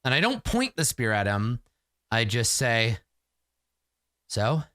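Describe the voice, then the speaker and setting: A man narrating his solo tabletop game in a casual, halting way, full of "like" and restarts. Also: medium pitch, sing-song, pushed and bright, no room sound, studio quality.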